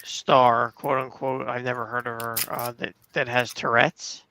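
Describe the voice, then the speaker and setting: A man's voice: mid-range voice, level tone, unhurried, bright, forceful tone, slight background noise. A man co-hosting a podcast in casual chat, swearing as he sets up clips to play. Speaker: podcast host.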